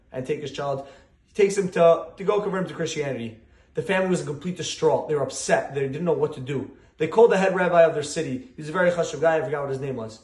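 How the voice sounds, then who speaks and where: A young man telling a story fast and with animation, sprinkling in Hebrew and Yiddish terms as he gives a holiday message. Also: fairly high pitch, roomy sound. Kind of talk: casual spoken storytelling.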